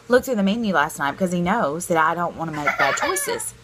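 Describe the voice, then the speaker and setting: A woman's voice: medium pitch, big pitch swings, fairly quick, hardly any pauses, a bit bright, slight background noise. A woman in her thirties talking candidly and rambling a little in a casual diet vlog, self-deprecating and frank. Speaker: vlogger.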